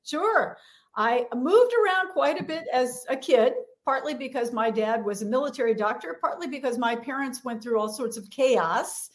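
A woman's voice: high-pitched, normal speed. A middle-aged American woman, a leadership coach, telling her career story in a chatty, self-deprecating way as an interview guest. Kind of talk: conversational interview.

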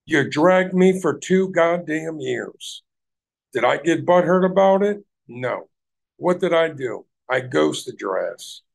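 Gravelly man ranting on a livestream. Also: fairly high pitch, animated, slow pace. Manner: heated, confrontational, swears heavily. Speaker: livestream host. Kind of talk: profane ranting livestream chat.

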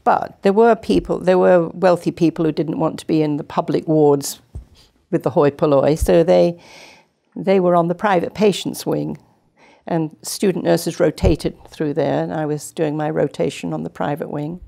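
Older woman from England, guest storyteller, gravelly low dark voice. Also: normal speed. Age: 70s. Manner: chatty, animated anecdotes. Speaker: guest, retired nurse. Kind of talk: casual storytelling interview. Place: community TV studio.

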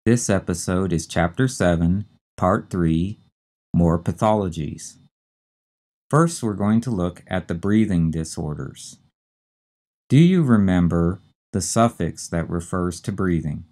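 A man teaching a recorded medical terminology lecture, speaking slowly and carefully and spelling out terms letter by letter. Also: low-pitched, animated, darkish tone. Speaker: instructor.

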